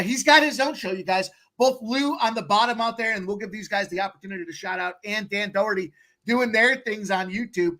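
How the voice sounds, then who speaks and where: A man hosting a sports betting show, talking in an energetic, slangy hype style. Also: sits high. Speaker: host.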